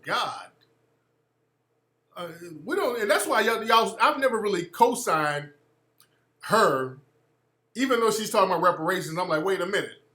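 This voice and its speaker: A man rants through a political commentary monologue, blunt and profane. His voice sits a little high and cuts through brightly, and an echoey room rings around him. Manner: blunt, profane, animated ranting. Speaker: radio show host.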